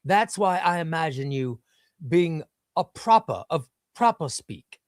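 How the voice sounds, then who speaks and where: A man putting on a posh English accent to play a cultured, educated young man about town, speaking slowly and carefully. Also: on the high side, animated, dry recording, clean studio sound. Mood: haughty. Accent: posh English, put on.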